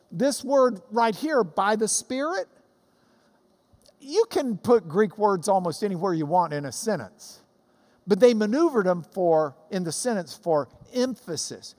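An emphatic Bible teacher explains the text in an unhurried sermon, the voice rising and falling in a very lively way. A long hall reverb trails every phrase. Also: mid-range voice.

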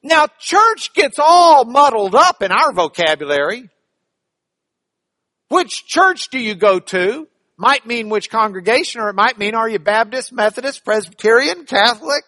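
A man's voice: very high voice, expressive, measured pace, sharp tone, dry recording. A man teaching a church Bible class in a playful, joking way, spelling out words.

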